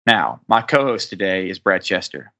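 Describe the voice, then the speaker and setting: Bright-voiced joking podcast host man. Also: sits low, very animated, moderate pace. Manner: playful, joking introductions. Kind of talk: casual podcast banter.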